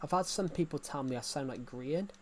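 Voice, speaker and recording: A young man from England, speaking with an English accent, streams a game and chats casually in a fairly high-pitched, brisk voice. His live-stream talk rambles, with many restarts and filler words.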